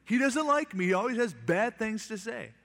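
A man voicing a whiny, self-pitying middle-aged king, complaining in a high voice. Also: lively intonation, normal speed, creaky, fairly bright tone, big-room sound, exaggerated voice. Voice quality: whining, high-pitched complaint.

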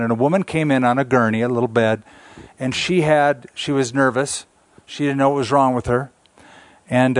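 A man's voice: medium pitch, no echo. Earnest middle-aged male pastor preaching. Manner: earnest preaching, slows down for emphasis, small restarts. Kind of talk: sermon.

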